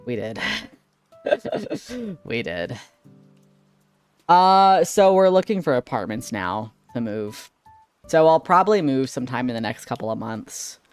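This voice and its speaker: Guy vtuber rambling to chat, lots of likes and ums, sarcastic jokes, dead dry mic, quiet music behind. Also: mid-range voice, very animated, takes it slowly, long pauses, smooth, no echo. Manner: joking, sarcastic, laughs often; many fillers like "like" and "um". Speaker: VTuber streamer. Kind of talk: casual live-stream chat.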